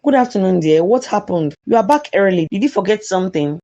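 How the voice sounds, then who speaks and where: A woman plays a middle-aged mother in an animated film, scolding in one breath and tender in the next. She has a Nigerian accent and a mid-pitched voice. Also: a little fast, dull audio. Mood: concerned. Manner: reproachful, motherly. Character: stern but loving middle-aged mother.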